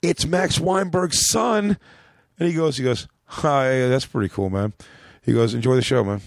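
A man's voice: mid-range voice, lively intonation, fairly quick, vocal fry, a little mellow, dry recording, clean studio sound. A man with an American accent, a comedian telling a long backstage story in a rambling, profane way on a podcast. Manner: rambling, profane, acts out quotes in a raised voice.

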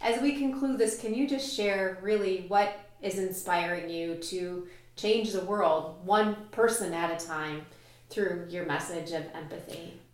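A woman hosting a podcast interview, who asks her guest questions in an appreciative, measured way. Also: on the low side. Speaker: podcast host. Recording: very echoey room recording.

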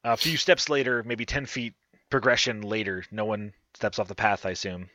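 A man game master narrates a tabletop adventure in a crisp, bright voice, lingering on vivid details. His voice is heard over an online voice chat with muffled, lo-fi sound. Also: on the low side, steady tone, a little hiss or hum. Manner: slow, vivid scene description with drawn-out words. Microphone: online voice call.

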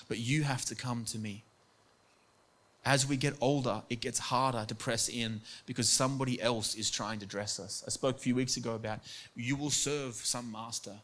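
A man's voice: medium pitch, fairly even intonation, moderate pace, fairly bright tone. A man preaching a sermon in an earnest way, acting out quoted voices and repeating words for emphasis. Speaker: pastor.

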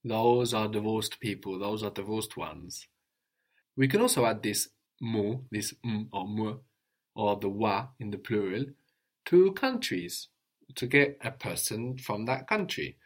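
An animated man with a lowish voice teaches a language lesson, drilling words with patience, echoing the learner's replies slowly and offering praise.

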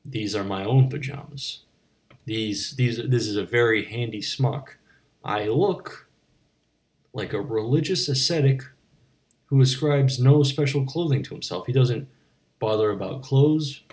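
A man's voice: medium pitch, measured pace, a little mellow. A man delivering a rambling, absurdist comic monologue to the camera, wandering between mock-philosophical musings and stammering restarts. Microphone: on camera, speaking to viewers.

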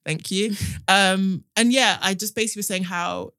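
A British woman hosting a podcast, telling stories and giving opinions in an animated, casual way. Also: medium pitch, normal speed, dry recording, clean studio sound. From United Kingdom. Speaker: podcast host.

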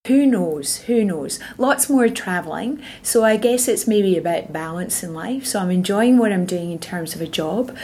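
A woman's voice: lowish voice, expressive, moderate pace, hardly any pauses, dark tone, slight background noise. A Scottish woman in a casual interview, reflective and rambling, with frequent ums and restarts. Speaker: interview guest.

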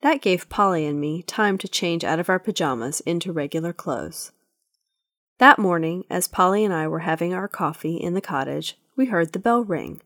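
Give me a woman reading a children's story aloud, lower pitch, dry sound. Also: normal speed, no echo. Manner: even, storytelling read. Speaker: audiobook narrator. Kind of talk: children's audiobook narration.

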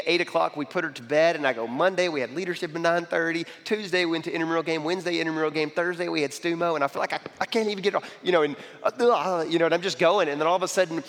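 Animated man speaking in an echoing hall. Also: on the high side. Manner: animated, repeats "okay?" and "I mean", frequent restarts. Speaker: speaker giving a talk. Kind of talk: sermon-style talk with personal stories.

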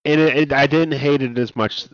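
A man in a casual chat who speaks slowly and laughs often. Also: mid-range voice, dry recording. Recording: dull lo-fi sound, dry.

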